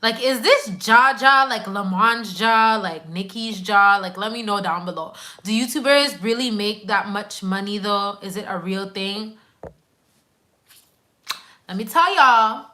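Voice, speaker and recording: Her medium-pitched voice has a sharp tone and a slightly slow pace. A Quebec nurse who also makes YouTube videos, she chats casually on a live stream, reacting to what viewers write with emphatic, slangy asides.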